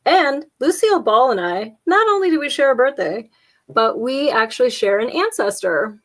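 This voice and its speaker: A woman's voice: high voice, animated, moderate pace, a bit bright. A woman co-hosting a casual chat, telling jokey stories with lots of laughter. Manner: chatty, jokey storyteller, frequent laughs. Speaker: podcast co-host.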